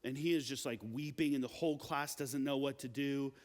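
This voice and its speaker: A young man giving a youth sermon, telling a story casually with lots of fillers and animated asides. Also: mid-range voice, fairly quick. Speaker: youth pastor. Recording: long reverb of a large hall.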